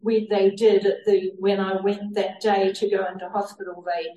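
A woman's voice: medium pitch, flat delivery, normal speed, mellow, dull audio. A woman sharing a personal faith testimony, telling her story earnestly and laughing now and then. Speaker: church member sharing a testimony. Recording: roomy sound from a distant mic.

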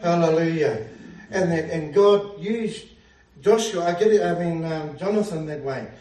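A man's voice: fairly high pitch, normal speed, dark tone, recorded from a distance. A man preaching a fervent sermon, often exclaiming hallelujah and laughing at his own jokes. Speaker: pastor. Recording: echoey room, speaker away from mic.

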